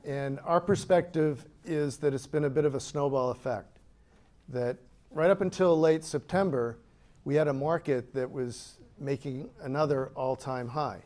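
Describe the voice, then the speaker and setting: A man answering as a panelist at a live discussion, explaining in a measured way into a handheld microphone. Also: mid-range voice, a little mellow.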